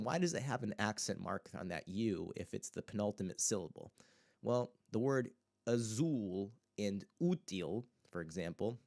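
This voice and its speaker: A man teaching a casual language lesson, explaining in a relaxed way with fillers and saying example words slowly several times over. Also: on the low side.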